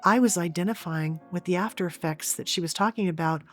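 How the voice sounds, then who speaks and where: A woman's voice: lowish voice, brisk, soft background music. A middle-aged woman from Oregon, an interview guest telling a personal story earnestly, with frequent restarts. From Oregon, USA.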